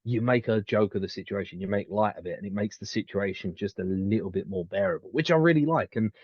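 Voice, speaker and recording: Brief: male podcast co-host, lowish voice, rambling with fillers, muffled dead-dry mic. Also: fast talker, dry recording. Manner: rambling, many restarts and fillers. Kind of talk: casual chat.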